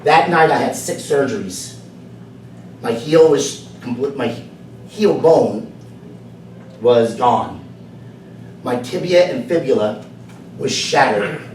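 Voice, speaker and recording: A man delivers a prepared personal story to a club audience, dropping his voice low and then rising to emphatic points. He is heard from across an echoey meeting room, with a faint hiss underneath. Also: animated, slow pace, long pauses, darkish tone, distant mic. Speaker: club speaker. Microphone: far camera.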